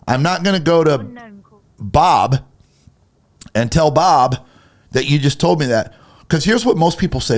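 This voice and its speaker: A man's voice: fairly high pitch, expressive, normal speed, pauses often. A man co-hosting a Christian talk show, getting heated and emphatic as he acts out little quoted conversations. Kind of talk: casual faith talk, preachy.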